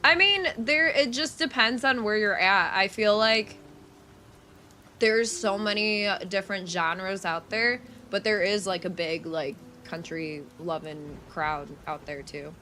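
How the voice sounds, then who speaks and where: A woman's voice: mid-range voice, measured pace, sharp tone, slight background noise. A woman streaming live, chatting casually and answering her chat with frank, profane talk.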